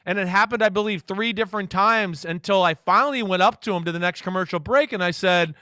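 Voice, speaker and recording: A man who is a football analyst, a guest in a casual interview, telling stories in an animated way and acting out what others said. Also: high-pitched, fast, few pauses, no room sound, studio quality. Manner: animated storyteller, acts out quotes.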